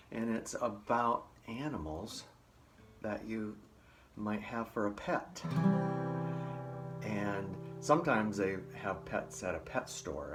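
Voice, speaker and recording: A man's voice: lowish voice, fairly bright tone. A man hosting a library storytime, talking cheerfully and directly to young children. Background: acoustic guitar playing.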